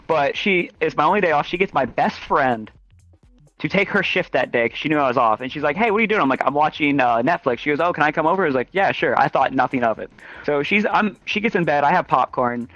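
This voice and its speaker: A man's voice: fairly high pitch, animated, a little fast, a bit bright, no room sound, soft background music. A young man telling crude, joking stories in a casual chat, breaking into song and laughter. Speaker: storyteller. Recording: muffled lo-fi voice chat.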